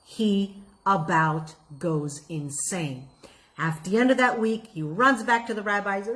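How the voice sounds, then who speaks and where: A woman telling a folk tale in an expressive, reflective way, then drawing out its lesson. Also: medium pitch, measured pace. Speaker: storyteller. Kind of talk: folk tale storytelling with a moral.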